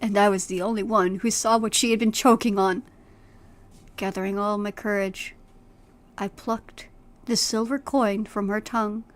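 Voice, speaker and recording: A woman's voice: medium pitch, steady tone, normal speed. A woman streamer reading a horror story aloud with dramatic delivery, then chatting casually with a friend.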